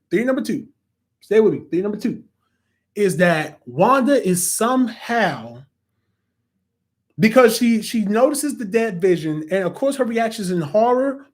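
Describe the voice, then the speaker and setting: A young man hosting a casual spoiler review of a TV episode, excitable and animated, often acting out reactions. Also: high voice. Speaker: reviewer and host.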